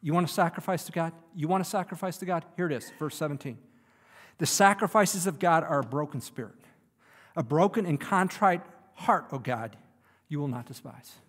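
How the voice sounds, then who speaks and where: A man preaching a sermon, swinging from loud emphatic lines to soft, near-whispered ones. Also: on the high side, normal speed. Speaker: pastor. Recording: long hall reverb.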